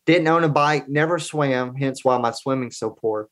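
Man, forties, podcast guest, casual anecdotal storytelling, medium pitch. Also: moderate pace, fairly bright tone. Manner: earnest, conversational, loose anecdotal telling.

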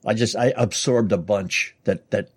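A man from New York City hosting a casual interview in a relaxed, easygoing way. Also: on the low side, normal speed, slightly rough. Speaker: host, radio interviewer.

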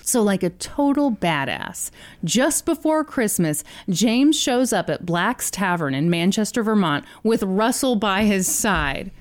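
A woman's voice: mid-range voice, expressive, measured pace. A woman hosting a podcast, telling a story in a casual, jokey way with casual swearing.

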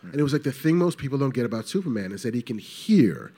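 A man hosting a panel, talking in a passionate, animated way and swearing freely. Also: mid-range voice, fast talker, slightly rough. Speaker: panel host. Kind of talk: casual panel talk.

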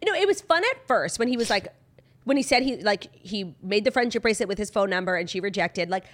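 A woman co-hosting a podcast, chatting about celebrity gossip in an animated, opinionated way and saying "like" a lot. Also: mid-range voice, quick pace. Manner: opinionated, animated, heavy use of "like". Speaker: podcast co-host. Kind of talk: casual celebrity gossip chat.

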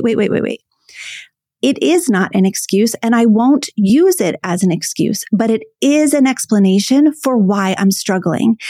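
Earnest woman podcaster, higher voice. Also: dark tone, no room sound, studio quality. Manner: earnest, emphatic, repeats key phrases. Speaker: podcast host and ADHD coach. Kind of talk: solo podcast monologue.

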